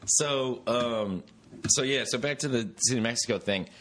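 A man's voice: mid-range voice, normal speed, fairly bright tone. A man hosting a podcast, telling stories in a casual, rambling way, full of tangents and swearing. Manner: rambling, profane, tangent-prone storytelling. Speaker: podcast host. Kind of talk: casual chat.

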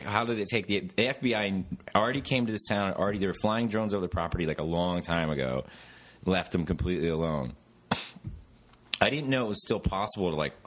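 Deep-voiced rambling podcast host. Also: male voice, a bit bright. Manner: rambling, profane, tangent-prone storytelling. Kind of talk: casual chat.

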